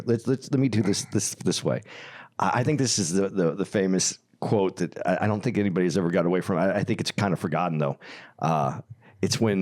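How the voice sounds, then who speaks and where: Low-voiced, measured podcast man. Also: darkish tone. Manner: measured, reasoning, hesitant restarts. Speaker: podcast co-host. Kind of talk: casual podcast chat.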